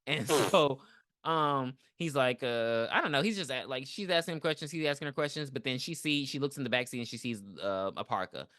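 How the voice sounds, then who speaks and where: A woman's voice: extremely low pitch, fairly quick, a bit bright, no room sound, clean studio sound. A young woman co-hosting a podcast, recapping a movie in casual chat and acting out the characters in big voices. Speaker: podcast co-host.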